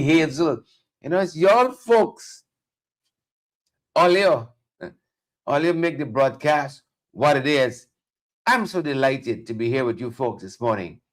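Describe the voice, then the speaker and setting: A man hosts a casual morning live stream. His voice sits a little high, and he is chatty and playful, repeating words as he greets viewers one by one. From Caribbean. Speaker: morning show host.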